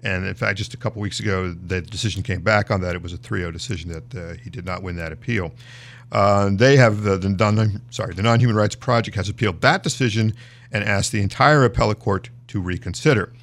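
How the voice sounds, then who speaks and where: A man with a lowish voice and a gravelly, creaky edge walks through the news of the day. He reads casually, stopping for fillers and restarts, and talks the listener through each story like a host. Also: a little fast, a bit bright. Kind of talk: casual news commentary, reading stories aloud.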